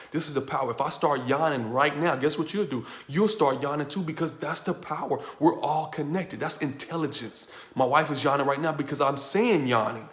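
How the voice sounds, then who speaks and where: A man giving an emphatic motivational teaching talk as a personal development coach, driving points home with repeated rhetorical questions. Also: on the high side. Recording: echoey room.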